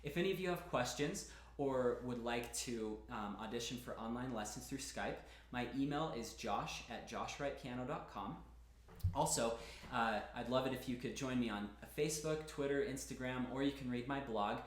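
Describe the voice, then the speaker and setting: A man's voice: mid-range voice, normal speed. Roomy-sounding man teaching piano. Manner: chatty and encouraging, breaks off to demonstrate. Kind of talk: casual spoken piano lesson. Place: room with a piano. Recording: roomy echo with piano playing.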